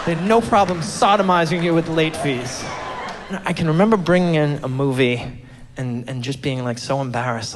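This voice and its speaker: A man on a comedy club stage, his voice sitting a little high as he rants with exasperation and trips over quick restarts. The live recording carries a clear layer of background noise. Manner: exasperated ranting with stammered restarts. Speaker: stand-up comedian. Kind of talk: stand-up routine.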